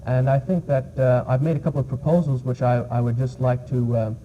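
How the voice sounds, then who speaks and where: Brisk and flat in delivery, this English teacher from New York has a warm, mid-range voice. He answers interview questions hesitantly, filling pauses with plenty of uhs and ums, heard on muffled archival TV audio with faint hiss.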